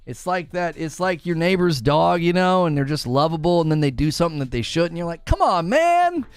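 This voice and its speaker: A man's voice: on the high side, fairly even intonation, brisk, smooth, no room sound, soft background music. A young man from Northern Ohio, a gaming streamer, chatting casually with his live chat, teasing viewers and laughing often.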